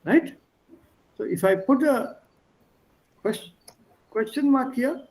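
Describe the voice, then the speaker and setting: High-voiced man teaching German. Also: slow, pauses often, a little mellow, a little hiss or hum, poor audio. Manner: explanatory, mixes English, German and Hindi. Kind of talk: online language lesson. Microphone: video call.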